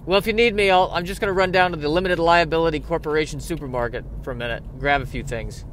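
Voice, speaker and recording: A chatty, rambling husband on his way out for milk, as a man puts him on, pitched well above an ordinary speaking voice. He talks loudly and keeps fumbling for a name he can't quite remember. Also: quick pace, a little hiss or hum, lightly acted.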